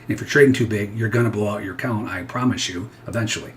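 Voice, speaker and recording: Casting: male pro trader, lowish voice, candid and digressive, thinking aloud over charts. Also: quick pace, a little hiss or hum. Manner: rambling, self-interrupting, candid. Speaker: futures trader. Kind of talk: live trading commentary.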